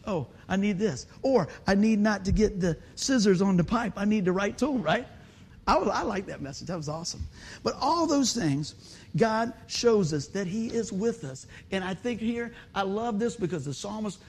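A man giving an informal, folksy sermon, lively and excitable, talking straight to the congregation. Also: high voice, a little hiss or hum. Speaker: lay preacher.

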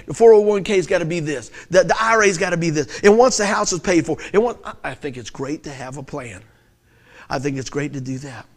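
A middle-aged man preaching a sermon, telling stories with animated swings between loud laughter and quiet earnest points. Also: high-pitched. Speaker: pastor.

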